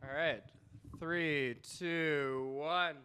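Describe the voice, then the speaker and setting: A man's voice: fairly high pitch, steady tone, extremely slow, bright, forceful tone, slight background noise. A man hosting a live university poetry slam, joking with the crowd and counting down to each poet. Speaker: slam emcee. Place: university event hall.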